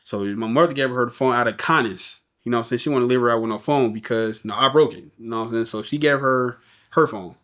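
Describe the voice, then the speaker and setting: A man's voice: mid-range voice, fast talker, a bit bright. An adult man, a podcast guest, candidly telling his life story in a loose, casual way, often repeating words and asking "you know what I'm saying.".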